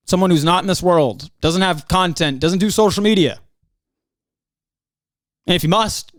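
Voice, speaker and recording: A man's voice: sits high, no room sound, clean studio sound. A young man hosting a solo podcast, ranting in a heated, profane way. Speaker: podcast host. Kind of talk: angry solo podcast rant.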